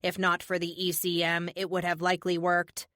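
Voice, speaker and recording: A woman voicing a calm male AI assistant in an audiobook, speaking in a measured, formal and precise way. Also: lowish voice, no echo, studio quality, lightly acted.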